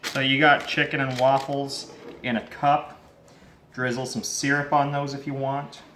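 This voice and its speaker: A man's voice: medium pitch, flat delivery, a little slow, pushed and bright, echoey room, a little hiss or hum. A man, hosting a casual home cooking vlog and chatting while he cooks and tastes. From Canada. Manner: chatty, talks while tasting food. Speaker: home cook and channel host. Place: home kitchen.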